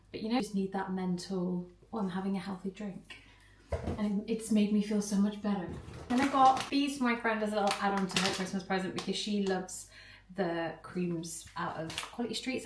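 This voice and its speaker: Young woman vlogging at home, chatty, giggly, gets excited fast. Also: mid-range voice, echoey room, a little hiss or hum. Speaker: vlogger and personal trainer. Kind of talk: casual vlog chat.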